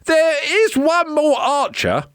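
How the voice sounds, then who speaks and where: A woman's voice: high-pitched, wildly swooping pitch, slow pace, no room sound, studio quality, voice pushed up, exaggerated voice. A woman voicing a playful, cheeky witch in a children's storybook, speaking in a raised, sing-song voice. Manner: bright, sing-song, sometimes whispering.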